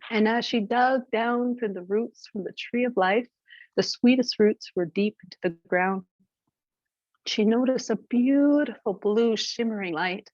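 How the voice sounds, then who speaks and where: A woman from Canada telling a traditional creation story, lively and expressive. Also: a little high, measured pace, no room sound. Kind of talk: oral storytelling to an audience. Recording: dull, dry lo-fi recording.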